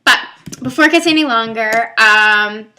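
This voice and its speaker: A woman's voice: fairly high pitch, normal speed, sharp tone. A young woman talking casually to her viewers, rambling and hesitant with many fillers. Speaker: vlogger. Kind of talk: casual talk to camera.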